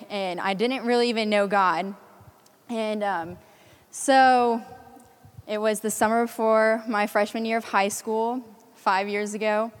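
An eighteen-year-old woman from the Kansas City area of the US Midwest gives an earnest personal faith testimony to a youth conference crowd. Her medium-pitched voice is clear and resonant, her delivery chatty and full of ums, and a long hall reverb fills the recording.

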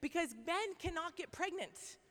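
A woman's voice: very high-pitched, expressive, normal speed, a bit bright. Playful young woman preaching in a hall. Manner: chatty and playful, many likes and okays. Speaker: speaker at a Christian women's event. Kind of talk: lively faith talk.

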